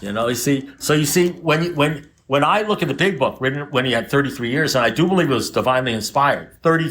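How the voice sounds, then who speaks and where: A man in his seventies, his voice on the high side and fairly bright, addresses a group in a recovery meeting room. His recovery talk is blunt and profane, blending warnings with jokes.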